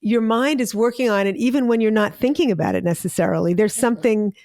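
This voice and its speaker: A woman's voice: fairly high pitch, fast, a little mellow, no echo, studio quality. A woman hosting an interview, reflecting the guest's points back in a thoughtful, affirming way. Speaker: host. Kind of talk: casual interview conversation.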